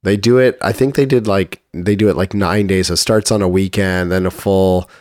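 Deep-voiced man with a cough. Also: darkish tone, no room sound, clean studio sound. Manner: easygoing, halting, restarts often. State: fighting a cough. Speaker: podcast co-host. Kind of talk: casual chat. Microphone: studio microphone.

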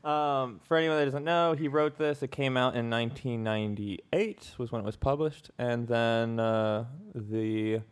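A man's voice: mid-range voice, steady tone, a little slow, hardly any pauses, smooth. A man co-hosting a podcast in casual, joking chat. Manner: joking, playful, stumbling restarts. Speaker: podcast co-host.

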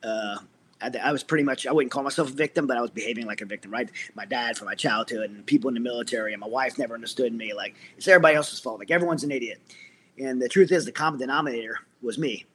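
A man's voice: medium pitch, rapid-fire, fairly bright tone, a little hiss or hum. A middle-aged man, a military veteran, earnestly telling his personal story as an interview guest, with many restarts.

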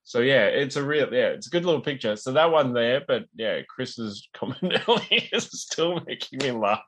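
A man's voice: medium pitch, expressive, moderate pace, fairly bright tone. Chatty male podcast co-host. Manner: chatty, laughs easily. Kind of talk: casual chat.

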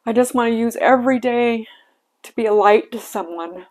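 A woman's voice: a little high, normal speed, darkish tone. An older woman hosting a devotional podcast, sharing a heartfelt personal reflection on scripture with sighs and emotion in her voice.

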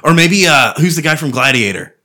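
A man co-hosting a podcast in casual chat, animated and profane, laughing often. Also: a little high, a little fast. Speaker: podcast co-host.

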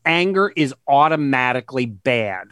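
A man, a guest author, explaining his ideas in an interview, earnest and emphatic, slowing down to stress key words and retelling conversations as examples. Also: mid-range voice, expressive, fairly bright tone, no echo, clean studio sound.

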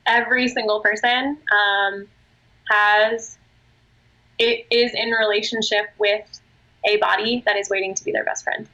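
A woman's voice: mid-range voice, fairly even intonation, measured pace, sharp tone, poor audio. A woman from Australia, a guest on a podcast, talking earnestly and expressively and swearing casually. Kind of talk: casual interview chat.

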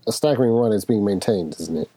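A man playing a tabletop horror game, excitable and prone to swearing. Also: fairly low pitch, quick pace, breathy edge. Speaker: player. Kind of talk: tabletop role-play.

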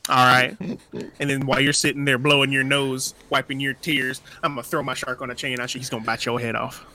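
A man's voice: mid-range voice, level tone, fairly quick, bright, forceful tone. A man voicing a ruthless, boastful cowboy with a Southern US accent in a party role-play game. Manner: drawling, boastful trash talk.

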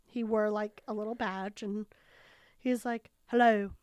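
A woman's voice: mid-range voice, steady tone, unhurried, darkish tone, dry recording, clean studio sound. A young adult woman co-hosting a podcast, chatting casually, laughing often and retelling stories with little acted quotes. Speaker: podcast co-host. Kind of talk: casual chat.

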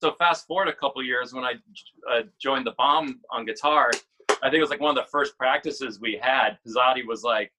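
A man in his forties, a musician guest, telling stories in casual chat, animated, swearing freely and laughing often. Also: medium pitch, a little fast, low-quality recording.

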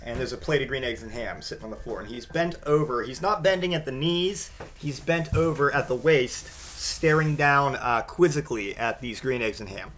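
A man talks through a picture book in casual comedic commentary, wry and rambling. His pitch sits in an ordinary middle range, and he stops often for fillers. A faint noise runs under his voice. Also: moderate pace, few pauses, fairly bright tone.

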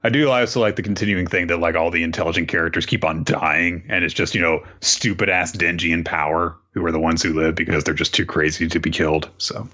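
A man in casual chat, recapping manga chapters as a podcast co-host, relaxed and swearing freely. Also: low-pitched, fast, hardly any pauses. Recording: dull lo-fi sound.

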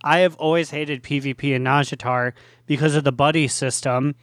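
A man's voice: fairly high pitch, fairly even intonation, moderate pace, a bit bright, no room sound. A man co-hosting a casual gaming chat, telling joking, laid-back stories. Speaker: podcast co-host.

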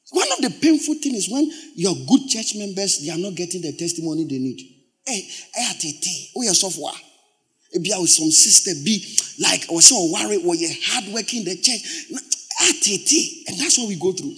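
Animated high-voiced male pastor preaching. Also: moderate pace. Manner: swings from loud exclamations to low, quiet storytelling; repeats words for emphasis. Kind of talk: sermon.

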